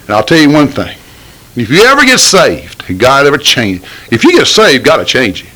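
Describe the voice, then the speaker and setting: A man's voice: medium pitch, huge pitch swings, normal speed, pushed and bright, rough recording. A middle-aged man, preaching informally in a folksy, pleading way that rises into bursts of fervor. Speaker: lay preacher.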